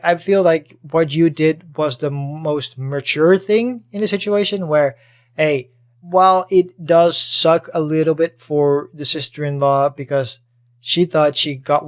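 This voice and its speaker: A podcast host reads Reddit posts aloud and reacts with animated, chatty commentary packed with swearing. His voice is slightly high and he keeps a measured pace.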